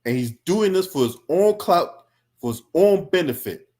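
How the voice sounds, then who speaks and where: Man, angry political reaction stream, confrontational, profane, somewhat high pitch. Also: expressive, moderate pace, mellow. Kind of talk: heated reaction commentary.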